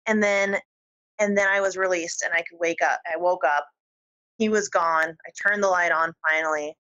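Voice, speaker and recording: A woman guest on an interview show, telling a personal story in a lively, giggly way. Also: on the low side, normal speed, dull audio. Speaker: podcast guest.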